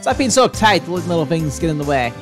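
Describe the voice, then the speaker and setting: A woman's voice: sits low, big pitch swings, quick pace, music in the background. A woman voicing a brash, pushy woman photographer from a video game, with a put-on Southern drawl and folksy, boastful talk.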